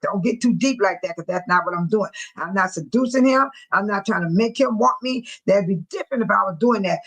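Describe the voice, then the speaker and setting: A woman's voice: medium pitch, a little fast, hardly any pauses, a bit bright, poor audio. A woman in her sixties hosting a livestream in casual chat, talking bluntly and telling stories with frequent laughs. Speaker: livestream host speaking to viewers.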